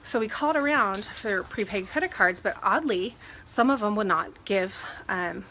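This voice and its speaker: A woman real estate agent giving casual advice, sniffling from a cold and animated when she retells her arguments. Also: mid-range voice, normal speed, slight background noise. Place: home with dogs.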